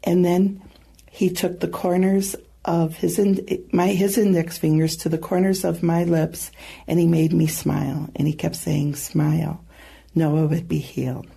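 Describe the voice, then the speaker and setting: Earnest female storyteller with a low, dark, mellow voice; halting delivery. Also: little pitch movement, gravelly, slightly rough. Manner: earnest, halting retelling with soft asides. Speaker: guest sharing a testimony. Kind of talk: personal storytelling.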